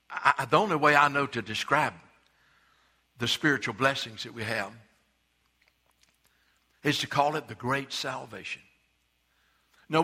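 A man preaching a sermon, emphatic, repeating words for stress and swinging between loud and hushed delivery. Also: fairly high pitch, breathy edge. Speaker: pastor.

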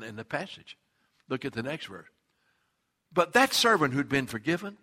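A middle-aged man, a pastor, preaching a sermon in an animated way that swings from loud to hushed. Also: a little high.

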